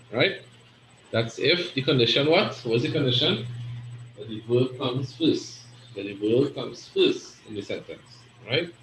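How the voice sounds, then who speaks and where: A man teaching an Arabic grammar class, explaining step by step and often checking in with "right?". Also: medium pitch. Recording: echoey room with faint noise.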